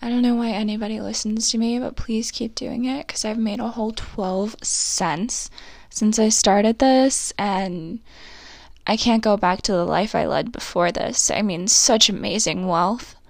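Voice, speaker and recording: A woman's voice: mid-range voice, a little slow, gravelly, dry recording, studio quality. A young woman hosting her own podcast, chatting candidly and rambling, with frequent swearing. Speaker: podcast host. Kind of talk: confessional solo podcast chat.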